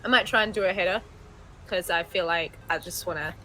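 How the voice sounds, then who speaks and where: A woman's voice: on the low side, a little fast, sharp tone, slight background noise, rough recording. A woman playing a tabletop game, speaking thoughtfully and laughing easily. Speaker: player.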